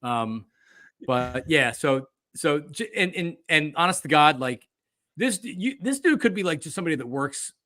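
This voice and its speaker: A man's voice: fairly high pitch, moderate pace, dry recording. A man hosting a casual sports chat, telling stories animatedly and acting out quotes with lots of fillers. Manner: animated storytelling, acts out quotes, frequent fillers. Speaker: podcast host, former sports radio host.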